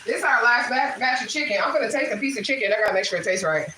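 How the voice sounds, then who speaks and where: A woman with a slightly high, bright, forceful voice talks rapid-fire on a casual livestream from her home kitchen. She's a livestream host and spiritual reader, chatting while she cooks and telling loose, profane stories through laughter. The kitchen sounds echoey, with faint background noise.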